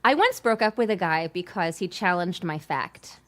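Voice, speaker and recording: A woman's voice: fairly low pitch, moderate pace. A woman hosting a casual video-call chat, telling stories with plenty of laughter. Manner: animated, laughing storyteller. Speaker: host.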